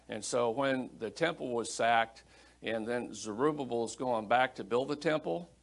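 A middle-aged man teaches scripture from the pulpit in a relaxed, conversational, storytelling way. He reads verses aloud and then talks them through as if chatting with the congregation. His voice sits in an ordinary middle pitch. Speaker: pastor. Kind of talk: sermon, Bible teaching.

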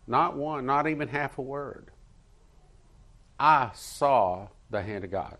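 A pastor preaching a sermon and praying in church, earnest, leading the congregation to repeat lines after him. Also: male voice, mid-range voice, takes it slowly, pauses often, a bit bright. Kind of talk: sermon with prayer.

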